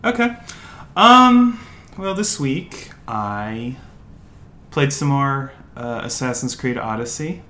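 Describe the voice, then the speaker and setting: Speaking slowly, a young American podcast co-host chats casually in a medium-pitched voice with lively intonation that sounds pushed and bright. He rambles, using many fillers and restarting often.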